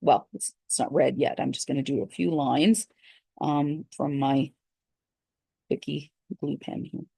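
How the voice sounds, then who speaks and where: A low-voiced woman with a gravelly edge talks through a craft project step by step. Her chatty tutorial delivery keeps circling back with little asides to the viewer. The sound is close and dry, with no room around it. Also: measured pace, dark tone, dry recording. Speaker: craft channel host.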